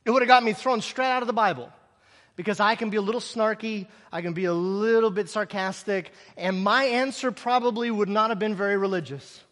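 A man preaching a sermon in an animated way, acting out the scenes he tells and dropping sarcastic asides. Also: high voice, a little fast, in a large hall. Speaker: pastor.

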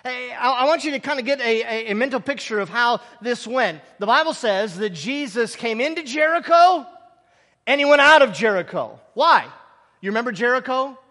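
High, bright preacher in a reverberant hall. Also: male voice, expressive, moderate pace. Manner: repetitive, emphatic, draws in the audience. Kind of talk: sermon.

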